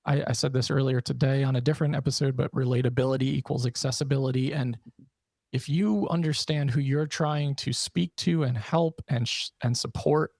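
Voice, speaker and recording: Gravelly man hosting a casual chat. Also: mid-range voice, brisk, darkish tone, dry recording. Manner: affirming, swears casually. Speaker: podcast host. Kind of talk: casual conversation.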